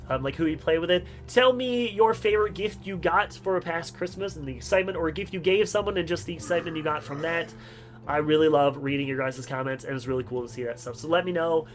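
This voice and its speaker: A young man hosting a casual vlog, telling a story in an excitable, rambling way. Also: a little high, rough recording. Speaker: video host.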